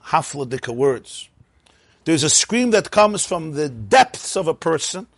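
A man's voice: a little high, sing-song, measured pace, no echo. A man teaching a Chasidic text class, chanting Hebrew passages in a sing-song, then explaining them animatedly in English. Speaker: Torah teacher.

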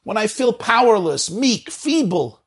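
A man's voice: sits high, sing-song, a little slow, gravelly, slightly rough. A man giving a spiritual talk, telling stories in an emphatic way and stacking up repeated phrases. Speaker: spiritual teacher. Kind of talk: sermon storytelling.

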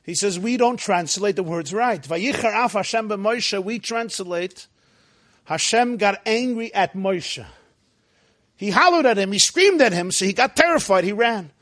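A man. He acts out the dialogue himself and swings into sudden loud outbursts. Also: high voice, expressive, normal speed, hardly any pauses. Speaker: rabbi. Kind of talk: sermon.

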